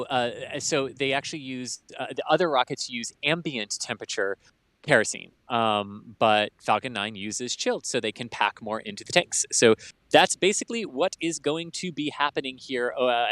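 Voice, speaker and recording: A man's voice: medium pitch, pushed and bright, no room sound. A man giving methodical, explanatory technical commentary on a rocket launch.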